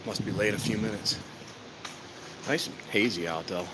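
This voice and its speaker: Outdoors at a station, a man hosts a casual trainspotting livestream, grumbling and exasperated as he waits and talking to himself. His voice is fairly low and his pace moderate, with background noise audible.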